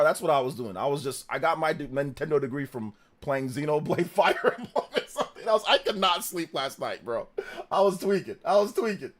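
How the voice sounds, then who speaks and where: A young man hosts a live reaction stream, chatting in a relaxed, slangy manner while humming tunes and laughing often. His voice is fairly high-pitched and a little fast.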